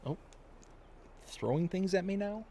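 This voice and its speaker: A man's voice: sits high, expressive, a little slow, warm tone. Chuckling man streaming from home. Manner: rambling, chuckles often, jokey. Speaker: live streamer. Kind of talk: casual chat while gaming. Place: home office.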